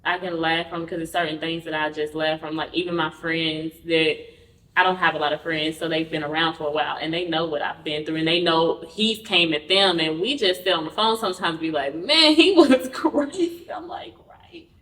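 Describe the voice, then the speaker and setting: A woman guest telling a personal story in an interview. She talks candidly and acts out the quoted dialogue with lively energy. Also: sits low, a little fast. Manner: candid, conversational. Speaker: podcast guest. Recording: roomy, mic at a distance.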